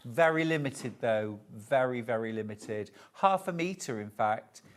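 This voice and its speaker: A man's voice: medium pitch, expressive, unhurried. A man presenting fabrics on a live home shopping show, chatty and full of enthusiasm.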